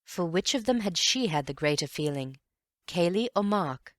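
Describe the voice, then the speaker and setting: A woman's voice on the low side carries an audiobook narration, delivered with measured, expressive storytelling. No room sound intrudes on the clean studio audio.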